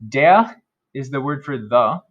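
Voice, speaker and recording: A man teaching German vocabulary, repeating each word slowly and carefully. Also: medium pitch, expressive, lo-fi sound. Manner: slow, careful modeling of German words. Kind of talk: vocabulary lesson.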